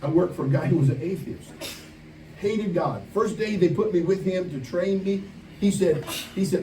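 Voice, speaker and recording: Preacher, male, higher register, animated storyteller, recorded from far off with a faint ambient hum. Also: moderate pace. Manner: animated storytelling, acts out quoted voices. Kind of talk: camp sermon. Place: large room at a camp meeting. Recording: echoey room, distant mic, faint ambience.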